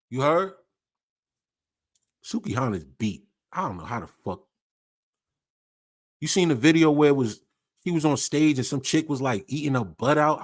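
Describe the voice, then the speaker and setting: A man hosting a livestream, ranting in casual slang with lots of swearing and repetition. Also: medium pitch. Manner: profane, animated, repetitive slang-heavy ranting. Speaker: livestream host.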